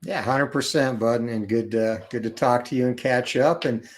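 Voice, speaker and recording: A male guest in a casual chat who explains things in a steady, knowledgeable way. He talks at a middling pitch and often fills pauses with "uh" and "you know".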